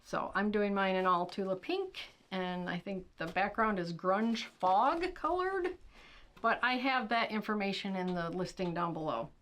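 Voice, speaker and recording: A woman's voice: mid-range voice, measured pace, slight background noise. Chatty woman unboxing quilting supplies. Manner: chatty, reads product blurbs aloud, thinks out loud with fillers. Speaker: quilting channel host. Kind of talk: casual unboxing chat.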